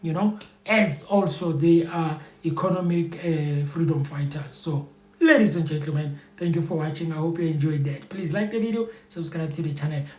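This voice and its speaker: A man's voice: a little high, normal speed, darkish tone, reverberant. A man giving loose, rambling commentary to his viewers, full of fillers and repeated phrases. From South Africa. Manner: rambling, repetitive, heavy with fillers. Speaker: YouTube commentator. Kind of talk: casual spoken commentary to viewers.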